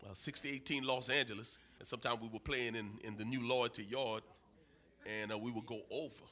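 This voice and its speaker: A man's voice: medium pitch, steady tone, brisk, sharp tone. A man preaching a sermon in a church, emphatic and rhythmic, with repeated phrases and call and response. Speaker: pastor. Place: church sanctuary.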